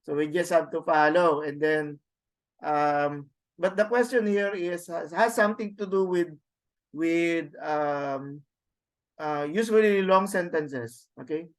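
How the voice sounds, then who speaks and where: Male language teacher, online class, slow and halting delivery, slightly high voice, many fillers. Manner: slow, explains step by step. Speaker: Greek teacher. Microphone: video call.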